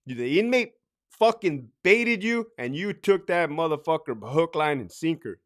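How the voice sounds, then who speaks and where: A man's voice: on the high side, big pitch swings, moderate pace. A middle-aged man and former corrections officer giving blunt, profane advice in a casual monologue. He laughs often and acts out other people's lines.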